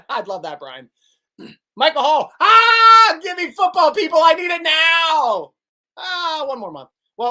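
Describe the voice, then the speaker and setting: A man hosting a live sports vidcast, excitable and quick to laugh as he reads viewer comments. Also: high-pitched. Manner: excitable, laughs often, animated. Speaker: host.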